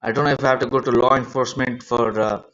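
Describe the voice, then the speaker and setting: A man on a rambling live stream, distressed and close to tears, talking in halting bursts that repeat words as he pleads about his grievances. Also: mid-range voice, fairly even intonation, fairly bright tone. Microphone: phone mic. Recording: lo-fi phone screen recording.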